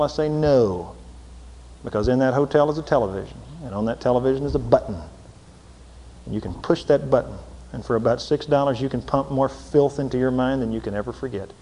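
A man preaching a folksy sermon, swinging from loud emphatic lines to low intense asides. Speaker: pastor. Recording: long hall reverb.

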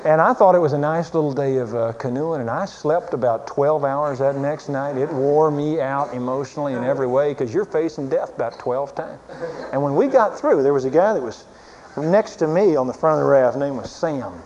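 A man preaching a sermon, telling a lively story and chuckling as he goes. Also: fairly high pitch, normal speed. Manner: lively storyteller, chuckling through his anecdote. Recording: dull lo-fi recording with faint hiss.

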